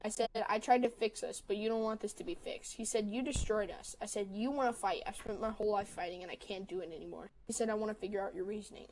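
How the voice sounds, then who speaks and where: Woman streamer with a mid-pitched voice, chatty storyteller who quotes every message fast. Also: fairly even intonation, a little mellow, a little hiss or hum, rough recording. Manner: retells text arguments quickly, quoting both sides. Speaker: livestream host. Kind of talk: casual storytelling on a livestream.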